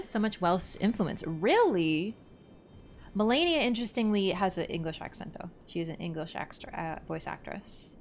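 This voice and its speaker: A woman's voice: medium pitch, a little hiss or hum. A woman streaming a game, talking casually through its lore, thinking aloud and answering her chat. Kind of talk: casual livestream lore commentary.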